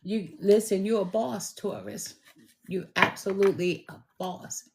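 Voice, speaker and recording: A woman tarot reader chatting casually with viewers on a live stream, slangy and quick to laugh. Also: mid-range voice, fairly even intonation, creaky, heavy background noise.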